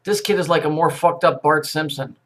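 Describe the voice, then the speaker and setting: Guy ranting over news clips, swearing a lot, sarcastic and mocking, voice a bit on the high side. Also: a little fast, fairly bright tone. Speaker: commentator reacting to news clips. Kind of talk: profane ranting commentary.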